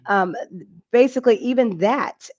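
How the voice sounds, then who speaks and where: A woman's voice: fairly high pitch, normal speed, muffled recording. A woman who is a medical doctor, speaking as a guest on a talk show, explaining things casually and acting out the voices of her patients. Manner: animated, acts out patients' voices.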